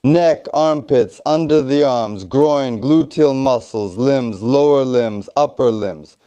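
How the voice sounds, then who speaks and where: Man coaching a first aid drill, dark voice. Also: medium pitch, takes it slowly, smooth, no echo, dull audio. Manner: coaching, repetitive encouragement. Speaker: military tactical medicine instructor. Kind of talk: hands-on first aid training instruction.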